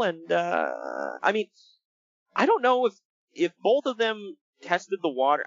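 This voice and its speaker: A man co-hosting a casual podcast, his pitch swinging widely as he rants, sounding exasperated and breaking into laughs. The recording is dry and a little dull, as from a close home mic. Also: no room sound. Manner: animated, exasperated, laughs often. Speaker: podcast co-host. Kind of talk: casual wrestling podcast chat.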